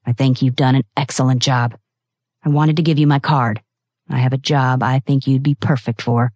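A woman voicing a small, kindly gray-haired older man who speaks in a gentle, courteous way, read for an audiobook. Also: very deep voice, steady tone, moderate pace, dry recording.

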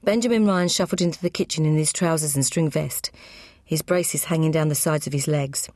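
A woman reading an audiobook crime novel aloud, brisk and matter-of-fact. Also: deep voice, darkish tone, dry recording, clean studio sound. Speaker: audiobook narrator. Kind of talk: scripted narration.

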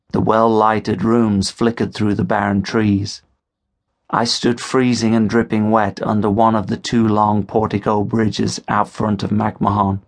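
A man narrates an audiobook in the first person, moving through the story at a measured pace. His voice is low, with a gravelly fry running through it.

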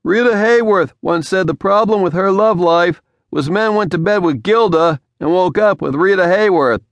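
A male narrator voicing a patient young man who answers in dry, measured replies. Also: sits high, no echo, voice pushed up.

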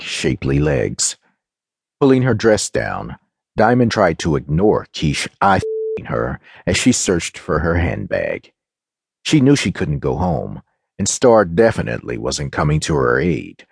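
Gritty novel narrator, man, low and husky, dry close sound. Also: no echo. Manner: dramatic, expressive reading. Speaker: audiobook narrator. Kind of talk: dramatic audiobook narration.

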